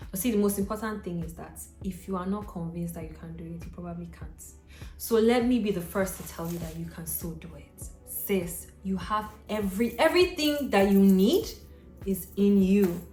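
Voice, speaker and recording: A woman's voice: on the low side, a little fast, darkish tone. A young adult woman vlogging to camera, chatty and encouraging, talking straight to her viewers like a friend. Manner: chatty and encouraging, addressing viewers directly as girl and sis. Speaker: lifestyle vlogger. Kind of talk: casual talk to camera. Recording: roomy echo with faint music.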